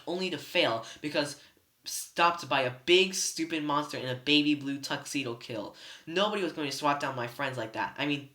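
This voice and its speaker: A reader narrating a novel chapter aloud in first person, steady but with slips and restarts. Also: mid-range voice. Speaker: student reader. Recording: roomy echo.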